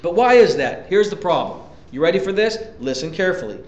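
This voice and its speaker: A man preaching a sermon as pastor, emphatic, repeating key lines and jumping up in pitch to drive points home. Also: very animated, a little fast, a little mellow. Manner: emphatic preaching, sudden pitch jumps and repetitions. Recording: echoey church room, dull lo-fi sound.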